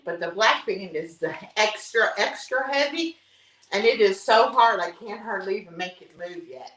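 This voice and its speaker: A woman's voice: fairly high pitch, a bit bright, a little hiss or hum. A woman, hosting a live workout stream, counting reps between breaths. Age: 60s. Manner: breathless, upbeat counting with whoops. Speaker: fitness vlog host. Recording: echoey room, mic at a distance.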